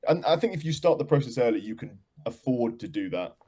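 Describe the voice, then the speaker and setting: A man talks about his band's music in a loose, rambling way, often breaking off and starting his sentences over. His voice is dark and mellow, at an ordinary pitch, and he laughs easily as he talks. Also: animated, fairly quick, breathy edge. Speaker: band member, guest. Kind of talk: casual interview chat.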